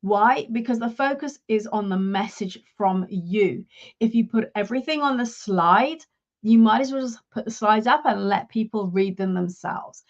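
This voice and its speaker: A woman working as a leadership and career coach, giving a measured, instructive talk straight to her live viewers. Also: mid-range voice, muffled recording.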